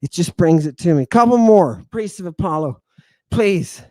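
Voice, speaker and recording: A man's voice: high voice, expressive, normal speed, darkish tone, dry recording. A man hosting a lecture-style show, emphatic and playful, who keeps checking in with the listener. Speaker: host.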